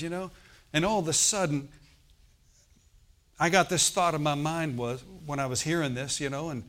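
A man's voice: medium pitch, fairly bright tone. A man preaching a sermon, telling a personal healing story and often asking the congregation "Amen?". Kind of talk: sermon testimony.

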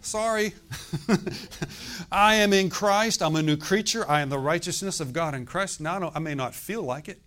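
A man's voice: fairly high pitch, normal speed, fairly bright tone. A man in his sixties preaching a sermon as pastor, emphatic and often asking the congregation to answer. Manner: emphatic, asks the congregation questions.

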